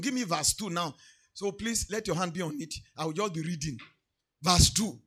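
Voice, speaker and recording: A man with a Nigerian English accent preaching a sermon, moving from quiet asides to shouted, sing-song declarations. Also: sits high, slightly rough. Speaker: pastor.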